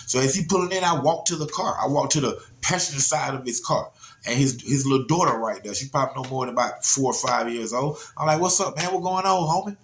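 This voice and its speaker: A man, from Georgia, telling a personal story in a casual, animated way, often asking "you know what I'm saying". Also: mid-range voice, quick pace, a little hiss or hum. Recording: roomy echo.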